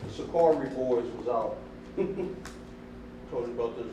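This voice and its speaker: A man's voice: mid-range voice, takes it slowly. A man from a church group heatedly retelling a scripture debate, acting out both sides with emphatic outbursts. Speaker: church member recounting a debate. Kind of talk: animated storytelling in group talk. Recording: echoey room, mic far off, faint noise.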